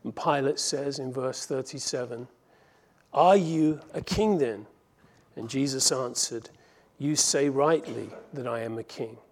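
A man teaching a Bible passage verse by verse, in an earnest way that slows down to stress key phrases. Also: mid-range voice, a little mellow. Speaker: pastor.

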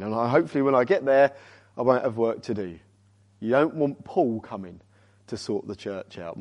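A visiting speaker, a man with a medium-pitched voice, preaches a sermon. He urges the congregation with rhetorical questions, swinging between loud emphasis and quiet, weighty words.

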